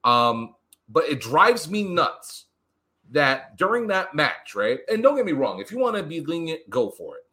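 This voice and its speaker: A man casually recapping a wrestling show on a podcast, animated and profane, acting out what the wrestlers said. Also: on the high side, unhurried. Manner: animated, profane, acts out quotes. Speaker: podcast co-host.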